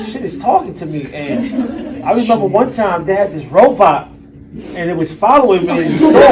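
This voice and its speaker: A man's voice: sits high, animated, fairly quick, crowd noise. A man in his fifties speaking as a guest speaker at a university event. He talks candidly and bluntly to the audience and swears casually. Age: 50s. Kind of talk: candid personal talk to an audience. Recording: distant mic with faint background noise.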